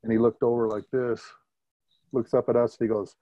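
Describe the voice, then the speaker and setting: A man in his fifties, a retired military pilot, telling lively anecdotes as an interview guest and chuckling at his own stories. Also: medium pitch, a little fast, no room sound, dull audio. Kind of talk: conversational interview storytelling.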